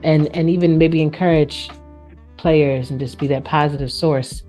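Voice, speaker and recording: A woman's voice: low voice, fairly even intonation, moderate pace, mellow, soft background music. A woman hosting a casual online interview, upbeat and encouraging as she asks questions. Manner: upbeat, encouraging, laughs often. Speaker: show host, interviewer.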